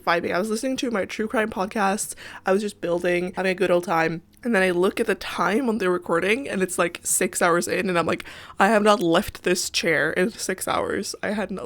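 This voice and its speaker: A woman's voice: medium pitch, creaky. A young woman, sick with a stuffy nose, chatting casually and rambling with lots of ums and likes as she narrates her game build. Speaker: Sims builder vlogger. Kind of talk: casual voice-over chat.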